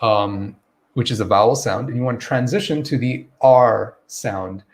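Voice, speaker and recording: Relaxed man teaching a live English lesson. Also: medium pitch, moderate pace. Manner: relaxed, encouraging, checks in with "okay?"; greets viewers by name mid-lesson. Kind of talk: live online grammar lesson.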